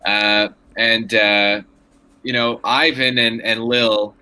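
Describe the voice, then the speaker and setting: A man in a casual chat with a bright, sharp tone. He stumbles into his sentences, repeating words before he gets his point out. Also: lowish voice, little pitch movement, takes it slowly, clean tone. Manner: stammering, repeats words when starting. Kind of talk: casual conversation.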